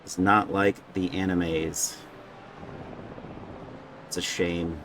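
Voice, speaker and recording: Deep-voiced, slow-talking male race commentator. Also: flat delivery, a bit bright, slight background noise. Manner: joking, chatty, stumbles over names. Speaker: sim racing commentator. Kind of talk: casual live race commentary.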